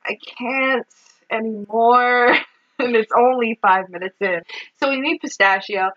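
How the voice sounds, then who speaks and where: A woman's voice: a little high, a little slow, fairly bright tone, dull audio. A woman co-hosting a podcast, recapping a movie in casual chat, exasperated, swearing and laughing as she goes. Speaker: podcast co-host.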